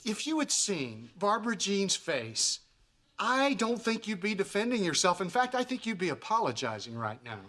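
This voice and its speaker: A man's voice: sits high, very animated, moderate pace, pushed and bright. A man playing a placating, flustered sitcom character. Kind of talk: sitcom acting.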